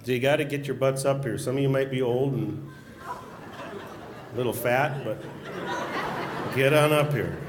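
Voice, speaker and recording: A man's voice: medium pitch, fairly even intonation, normal speed, long pauses, some chatter behind. Guy telling joking stories at a banquet, upper midwest accent, echoey room, bit of background noise. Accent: Upper Midwest American. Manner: joking anecdotal storyteller. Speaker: former hockey public address announcer. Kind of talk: storytelling speech at a banquet. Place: banquet hall at a social event.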